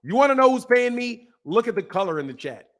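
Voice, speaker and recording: A man's voice: very high voice, very animated, quick pace. A man hosting a live boxing talk stream, talking casually and animatedly to his chat, repeating points and laughing. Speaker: boxing commentary host.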